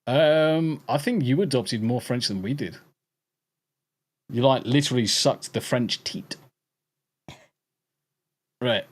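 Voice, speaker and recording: A man's voice: medium pitch, slow pace, long pauses. An English man hosting a podcast, bantering with chat and swearing freely. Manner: profane, laughing banter. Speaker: podcast host reading chat. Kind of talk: casual chat.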